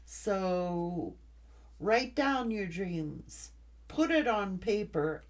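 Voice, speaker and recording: A middle-aged woman reads tarot cards for her viewers in a slightly high voice. She takes her time, offering earnest reassurance in short, heartfelt phrases. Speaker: tarot reader.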